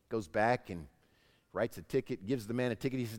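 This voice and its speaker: A man preaching a sermon as pastor, telling stories with lively voices. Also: medium pitch, fairly quick, in a large hall. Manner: animated storytelling, acts out voices in anecdotes.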